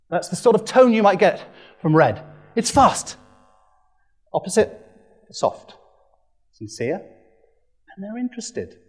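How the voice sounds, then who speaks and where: A man presents to a room with a playful, animated delivery, his voice sitting a little high for a man. He breaks into quick acted-out quotes as he talks. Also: slightly rough. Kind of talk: lively training presentation.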